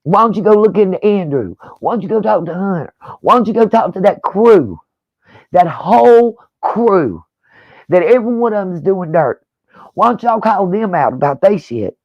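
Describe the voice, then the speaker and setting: Woman YouTuber, gravelly, combative and profane, dry close recording. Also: medium pitch, expressive, moderate pace, darkish tone, no room sound, muffled recording. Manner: repeats pointed rhetorical questions. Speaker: true-crime YouTuber. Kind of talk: angry on-camera rant.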